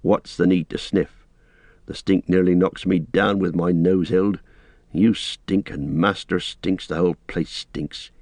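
A stout-hearted, plain-spoken hobbit companion, voiced by a male audiobook reader. He talks bluntly and gruffly in a lowish voice. The reading is close and dry. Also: fairly even intonation, measured pace, a little mellow, no echo. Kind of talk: audiobook character voice.

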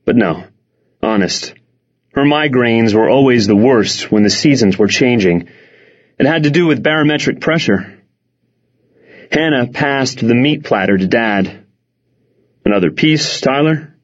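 Man narrating an audiobook with a lively lilt. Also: mid-range voice, a little slow, pauses often. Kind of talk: first-person audiobook narration. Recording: dull lo-fi recording.

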